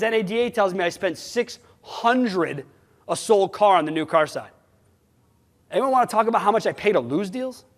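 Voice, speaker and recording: A man giving a conference talk, blunt and animated, throwing rhetorical questions at his audience. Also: high voice. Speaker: sales management conference speaker. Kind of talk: conference presentation. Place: conference hall. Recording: long hall reverb.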